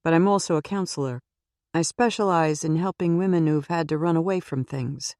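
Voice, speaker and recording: A patient older nun asks quiet, careful questions, as a woman narrator voices her. The voice sits low and mellow, and the close, dry recording keeps every word clear. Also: a little fast, dry recording, natural voice. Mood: gentle. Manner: calm, gently probing questions.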